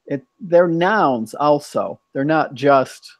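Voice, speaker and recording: A man's voice: fairly high pitch, expressive, slow, dry recording. A man hosting a casual bilingual chat, rambling and thinking aloud as he talks. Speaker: host.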